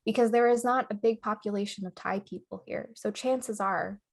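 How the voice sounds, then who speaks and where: A woman's voice: mid-range voice, steady tone, moderate pace, gravelly. A young adult woman co-hosting a podcast in casual chat, laughing often and tagging her points with "right?" and "okay?". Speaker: podcast co-host.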